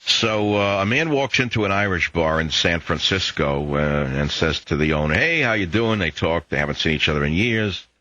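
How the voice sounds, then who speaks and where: A man's voice: a bass voice, moderate pace, few pauses, pushed and bright, no room sound, highs cut off. An older man hosting a political talk radio show, lecturing listeners in a combative monologue and telling jokes.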